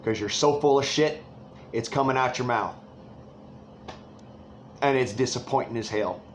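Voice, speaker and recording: A man's voice: mid-range voice, a little slow, a little hiss or hum. A man delivering an angry, rambling political rant full of swearing.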